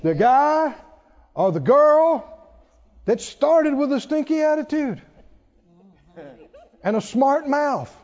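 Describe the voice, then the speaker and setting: High-voiced, lively male preacher. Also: takes it slowly, long pauses. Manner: call-and-response, animated, laughs often. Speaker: pastor. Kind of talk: sermon. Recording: dull echoey hall recording.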